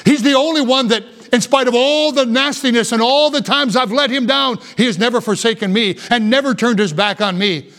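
A man preaching a sermon as pastor, reading scripture slowly and then building to fervent appeals. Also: very high voice, a bit bright.

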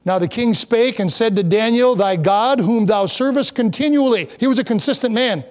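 A pastor with a very high-pitched voice preaches conversationally at a normal pace, reading scripture aloud in King James wording and breaking off for joking asides.

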